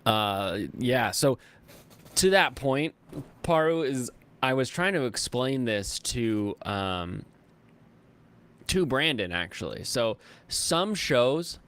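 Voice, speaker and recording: A man's voice: slow, smooth. Rambling, laughing male streamer. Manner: rambling and animated, with sudden high excited jumps; laughs often. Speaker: streamer host reading chat. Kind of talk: casual livestream chat.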